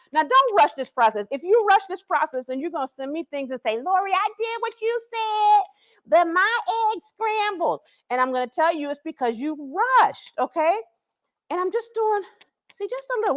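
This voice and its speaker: A woman's voice: high-pitched, animated, fairly quick, fairly bright tone. A woman, hosting a live cooking stream from her home kitchen, chatty and laughing as she talks straight to viewers. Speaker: cooking show host. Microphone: camera she set up herself.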